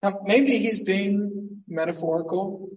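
High-voiced man preaching from a distance. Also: slow pace. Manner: conversational preaching, swings between emphatic and hushed. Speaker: pastor. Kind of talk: sermon.

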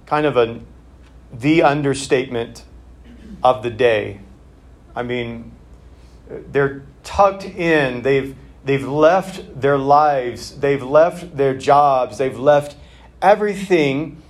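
A man's voice: mid-range voice, slow pace. A male pastor giving a conversational sermon in a church, talking plainly with casual fillers.

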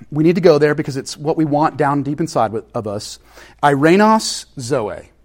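A man preaching a sermon, swinging between joking, conversational asides and hushed, intense passages. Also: a little high. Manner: animated preaching with sudden loud peaks and hushed drops. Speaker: pastor.

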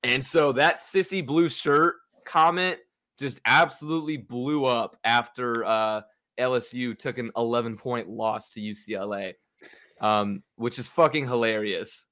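A young man with a bright, sharp-edged voice talks football in a loose podcast chat. He swears freely and gets worked up quickly. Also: mid-range voice, fairly even intonation. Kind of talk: casual sports chat.

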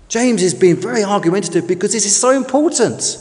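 Man, high-pitched preacher, emphatic sermon delivery, echoing hall. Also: lively intonation, a little mellow. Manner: emphatic, with slow drawn-out stresses. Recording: long reverb of a large hall.

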